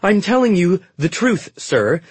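A young handmaiden talks fast and high to cover a lie, as a man narrator puts her on. Her voice rises loud and strained, with a husky grain. The recording is dry and close. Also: very animated, no echo, exaggerated voice. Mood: insistent. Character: young woman, quick-witted handmaiden, bold liar.

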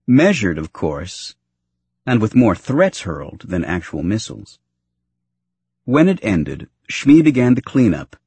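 A man narrating a novel aloud in an expressive storytelling way. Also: on the low side, husky, no room sound. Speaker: audiobook narrator. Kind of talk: scripted narration.

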